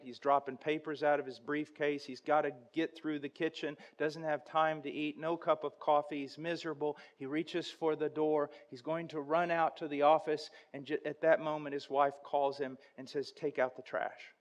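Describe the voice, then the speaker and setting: A man preaching a sermon, telling an illustration with impassioned intensity that swells toward near-shouting. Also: fairly high pitch. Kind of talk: sermon with storytelling.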